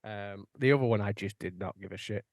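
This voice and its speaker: A man's voice: lowish voice, a little fast, creaky, no echo, clean studio sound. Swearing British man telling stories. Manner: swearing, storytelling with lively quoted voices. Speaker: podcast host. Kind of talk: casual chat.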